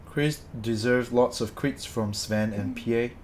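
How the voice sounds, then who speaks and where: A man's voice: mid-range voice, a little slow, slight background noise. Angry swearing man ranting. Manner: angry, swearing, repeats himself. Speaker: streamer. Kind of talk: ranting game commentary to chat.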